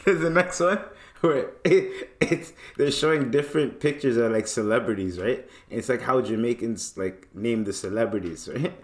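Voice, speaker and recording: A man's voice: mid-range voice, moderate pace, reverberant. A man with a Toronto accent hosting a podcast, rambling in casual chat and laughing often. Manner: laughs a lot, slangy and rambling. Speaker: podcast host.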